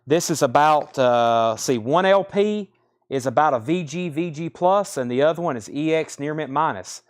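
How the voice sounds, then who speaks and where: A man's voice: fairly high pitch, expressive, normal speed. A man with a Southern US accent hosting a live record sale, reading off titles, grades and prices and thinking aloud as he goes. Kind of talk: live-stream sales patter. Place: record store.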